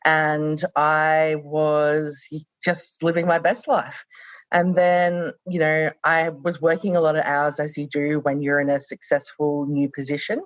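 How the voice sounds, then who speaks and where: A woman's voice: deep voice, flat delivery, unhurried, dry recording. Australian-raised woman in her thirties, reflective interview guest, dull dry audio. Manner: reflective, many fillers. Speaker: podcast guest. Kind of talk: conversational podcast interview.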